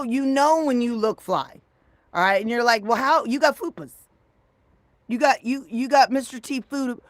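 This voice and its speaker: Brash, profane woman in her fifties. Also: dry recording. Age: 50s. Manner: brash, profane and rambling, swings from low mutter to loud excitement. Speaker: livestreamer. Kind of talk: casual livestream chat with viewers.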